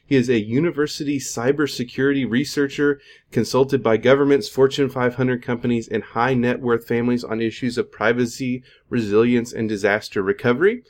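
A man's voice: medium pitch, fairly even intonation, fairly quick, few pauses. A man hosting a podcast, reading formal guest introductions and then asking loose, searching questions. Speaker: podcast host.

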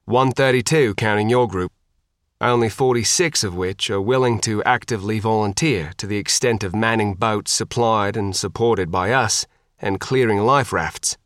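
A man voicing a calm, grave male commander who speaks in a measured, formal way. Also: lowish voice, dry recording, studio quality, natural voice.

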